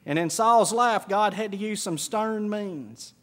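A middle-aged man preaching a sermon, telling stories and swinging from hushed to shouting. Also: high voice, a little slow. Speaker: pastor.

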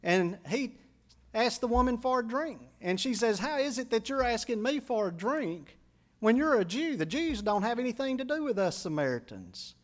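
Guy with a high voice preaching, earnest storytelling sermon, acts out the quotes. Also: sing-song, normal speed. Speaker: pastor.

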